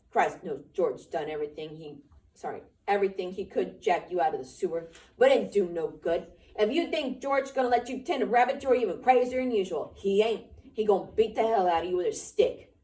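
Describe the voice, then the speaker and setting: A woman reading aloud and voicing a giant imagined rabbit that taunts scornfully in a lowered voice. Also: moderate pace, dark tone, far from the mic, natural voice, poor audio.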